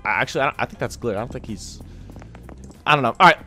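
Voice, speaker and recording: A man casually commentating his own gameplay in a chatty, excitable way, calling everyone dude. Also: medium pitch, fast, faint music behind. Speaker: gaming streamer.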